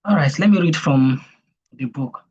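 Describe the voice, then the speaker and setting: A coach teaching a live-streamed class, repeating key points slowly and answering viewers' comments. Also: mid-range voice, warm tone, a little hiss or hum. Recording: dull lo-fi stream audio.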